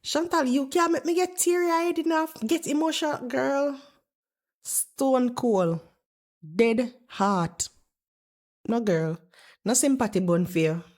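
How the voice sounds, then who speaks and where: A woman's voice: sits high, takes it slowly, long pauses, a little mellow. A woman doing blunt, mocking reaction commentary and swearing freely.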